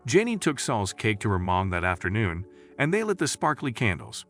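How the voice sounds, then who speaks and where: A man narrating a scripted story in a lively storytelling way. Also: lowish voice, normal speed, hardly any pauses, soft background music.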